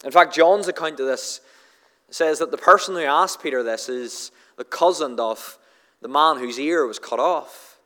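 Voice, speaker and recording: A man's voice: a little high, measured pace, a bit bright. A man with a Northern Irish accent delivers a sermon in a slightly raised voice, and a long hall reverb trails every phrase. He often repeats words as he starts a sentence and gives the quoted lines a little acting. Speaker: preacher.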